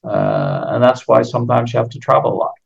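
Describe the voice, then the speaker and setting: A man's voice: medium pitch, huge pitch swings, a little fast, gravelly. A Dutch man in his fifties with an American-tinged accent, rambling through a podcast interview with many restarts and fillers. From Netherlands. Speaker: golf course architect. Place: home. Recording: muffled lo-fi audio.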